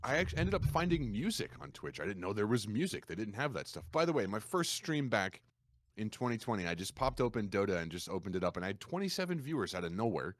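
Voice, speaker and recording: A man with a low voice, a streamer guest on a podcast, telling his stories in a lively, animated way. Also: quick pace, no echo, clean studio sound. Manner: animated storyteller, acts out quoted gamers in a raised voice. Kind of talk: casual podcast conversation.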